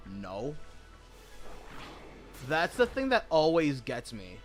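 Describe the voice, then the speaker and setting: A man's voice: medium pitch, big pitch swings, measured pace, long pauses, soft background music. A young man chatting casually while gaming, telling a rambling, profane story full of slangy asides. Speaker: gaming streamer.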